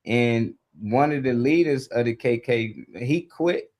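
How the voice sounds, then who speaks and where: A man hosts a live morning show in relaxed, unscripted chat. His voice sits mid-range. He rambles loosely from point to point, dropping easy laughs as he goes. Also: mid-range voice, a little slow.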